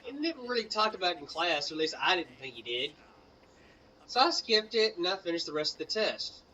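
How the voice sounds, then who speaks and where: A young man with a Southern US accent tells a meandering story full of fillers, his voice bright and a touch high. He sits a little back from a dull-sounding mic, with a faint hum in the room behind him. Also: very animated, brisk, far from the mic. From Mississippi, US. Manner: rambling, many fillers and asides to the game. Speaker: gaming channel co-host. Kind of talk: casual storytelling over gameplay.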